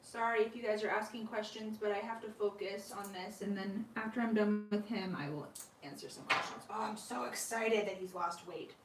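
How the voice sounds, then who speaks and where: Mulher numa live descontraída, conversando com carinho com os animais, com ruído leve de fundo. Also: female voice, medium pitch, normal speed, noisy background. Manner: chatty, talks fondly to her pets, laughs often. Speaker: sugar glider owner and channel host. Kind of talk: casual live-stream chat. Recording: roomy room with mic at a distance.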